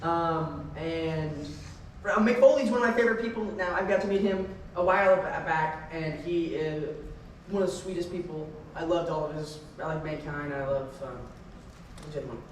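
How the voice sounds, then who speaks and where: A young man on a convention panel, telling rambling, excitable stories full of tangents and laughter. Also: a little high, moderate pace, distant mic, slight background noise. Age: young adult. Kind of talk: rambling anecdotal Q&A. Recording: echoey hall, mic heard from afar.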